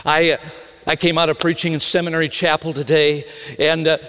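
A middle-aged man from Minnesota with a Minnesota accent, a pastor preaching a storytelling sermon with sudden excited outbursts. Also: a little high, brisk. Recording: long reverb of a large hall.

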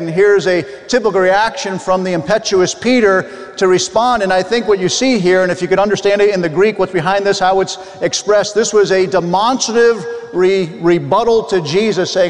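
A male preacher with a high voice gives an earnest, explanatory sermon and reads scripture aloud. He often restarts his sentences. His voice rings out with a long hall reverb. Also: moderate pace, hardly any pauses.

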